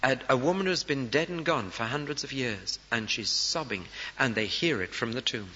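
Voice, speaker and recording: Male preacher, bright forceful voice, dramatic storytelling sermon, dull hissy hall recording. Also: mid-range voice, moderate pace. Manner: dramatic storytelling, rising to loud emphatic peaks.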